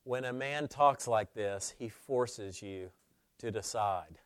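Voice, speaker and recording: A man's voice: on the low side, slow pace, no echo. Emphatic preaching man, dry close sound. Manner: emphatic preaching, swinging from loud declarations to hushed asides. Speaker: pastor. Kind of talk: sermon.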